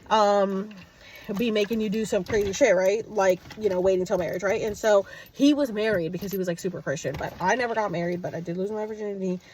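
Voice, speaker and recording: A woman's voice: medium pitch, a little hiss or hum. Chatty woman in her thirties. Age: 30s. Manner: chatty, animated retelling with quoted dialogue. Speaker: vlogger. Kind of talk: casual storytelling to camera. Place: at home, indoors.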